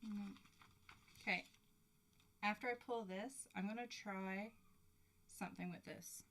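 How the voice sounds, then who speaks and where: A woman hosting a live crafting stream, excitable and giggly as she chats to her viewers. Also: medium pitch, measured pace, a little hiss or hum. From Canada. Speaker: craft livestream host. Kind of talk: live crafting demo chat.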